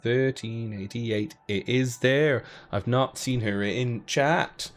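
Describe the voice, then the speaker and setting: A man's voice: mid-range voice, takes it slowly. A young man casually hosting a giveaway live stream, chatting playfully, cracking jokes and counting down. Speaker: giveaway live draw host.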